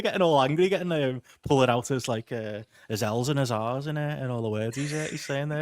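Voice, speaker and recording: Fast-talking man, dry close sound. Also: medium pitch, dry recording. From Liverpool, England. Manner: rapid, rambling, many fillers. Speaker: podcast host. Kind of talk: casual chat, reading live chat.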